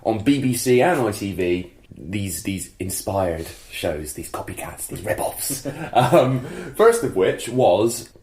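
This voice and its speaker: A man's voice: fairly low pitch, lively intonation, takes it slowly, a little mellow. Self-mocking English man hosting a podcast. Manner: self-mocking, jokey storyteller. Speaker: podcast co-host. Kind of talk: casual chat.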